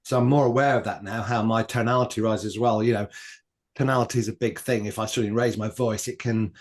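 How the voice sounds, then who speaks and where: A man in relaxed podcast conversation, thinking out loud about his own experience and pausing on ums. His voice sits fairly low. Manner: reflective, shares personal experience with many ums. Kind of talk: casual podcast discussion.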